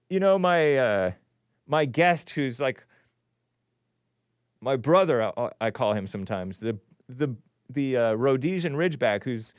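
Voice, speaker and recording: Male call-in host, sarcastic and rambling; lively swinging pitch, smooth close-miked voice. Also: moderate pace, no room sound. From California. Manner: sarcastic, rambling, chuckling asides. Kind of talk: casual live-stream commentary.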